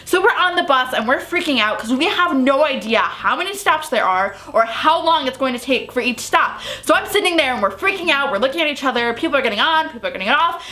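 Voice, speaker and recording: A young woman vlogger tells a storytime tale in a high, lively voice that swoops up and down. Her tone is bright and forward, and she keeps laughing through the tense bits, breathless with excitement. Faint music plays behind her. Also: fast, hardly any pauses. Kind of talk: storytime vlog.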